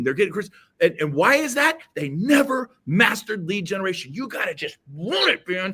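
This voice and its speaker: A man speaking as a podcast guest, giving a fiery motivational talk that bursts into shouts. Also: high voice, slightly rough. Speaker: guest, real estate coach.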